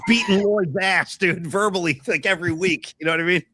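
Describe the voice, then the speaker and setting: A man's voice: high voice, a little fast. A man hosting a casual sports podcast, telling stories with energy and acting out what others said. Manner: animated storytelling, acting out quotes. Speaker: podcast host.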